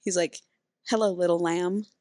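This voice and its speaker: Speaking at normal speed in a voice on the low side, this woman is a podcast co-host retelling a romance novel's story. She animatedly voices the characters' lines herself, and the recording has no echo.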